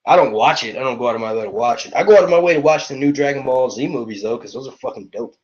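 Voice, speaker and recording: A man streaming casual chat to his viewers, excitable and profane, full of slang and jumping between topics. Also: medium pitch, rapid-fire, muffled recording. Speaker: YouTube reviewer streaming to viewers.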